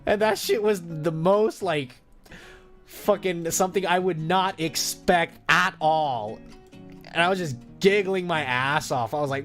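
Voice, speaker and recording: A man's voice: a little high, takes it slowly, fairly bright tone, faint music behind. A man streaming as a VTuber, chatting casually with crude jokes, trash talk and frequent laughter. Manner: crude, joking, trash-talking chat, laughing often.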